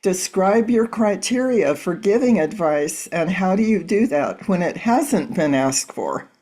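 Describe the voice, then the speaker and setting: A woman's voice: mid-range voice, very animated, measured pace, mellow. A middle-aged woman hosting an interview, reading an introduction and asking prepared questions. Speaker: host.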